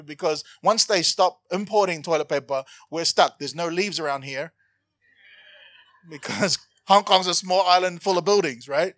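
A man preaching a sermon, animated and joking, swinging from loud to hushed. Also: high voice, normal speed, no echo. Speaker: pastor.

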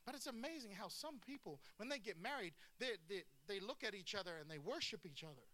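High-voiced guy preaching, bright and punchy, cracks jokes mid-sermon. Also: fast, few pauses. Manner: animated preaching with humor. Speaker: pastor.

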